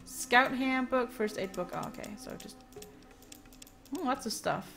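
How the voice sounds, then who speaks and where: A woman streaming a game live, chatting and reacting out loud as she plays, at a home desk mic. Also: fairly high pitch, measured pace, creaky, faint music behind.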